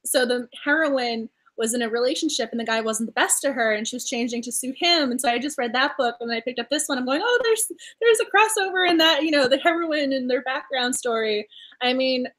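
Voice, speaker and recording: A woman's voice: high voice, a little fast, fairly bright tone. A woman co-hosting a book club discussion, chatty and enthusiastic, laughing often as she talks about novels. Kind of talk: casual book chat.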